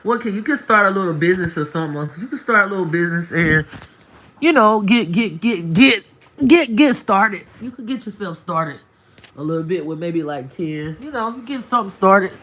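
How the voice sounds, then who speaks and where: A woman's voice: medium pitch, lively intonation, normal speed, fairly bright tone. Emphatic, preachy woman streamer. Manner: emphatic, preachy, colloquial with folksy asides. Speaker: spiritual live-streamer giving advice. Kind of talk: casual livestream monologue. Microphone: single mic on a livestream.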